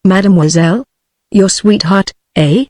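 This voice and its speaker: A woman's voice: medium pitch, unhurried, darkish tone, dry recording, clean studio sound, natural voice. Synthetic woman reading a stout irritable French minister. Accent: British English.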